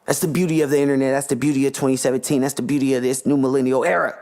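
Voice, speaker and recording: A man's voice: mid-range voice, level tone, racing, darkish tone. Impassioned, profane man hosting a podcast. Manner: impassioned, profane, slangy ranting. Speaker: podcast host. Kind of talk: podcast monologue.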